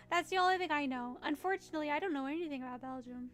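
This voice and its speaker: A young woman with a Midwestern accent chats with her stream in a high, bright voice. She rambles and giggles between thoughts, answering comments as they come in, with faint music playing underneath. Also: brisk. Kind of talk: casual livestream chat.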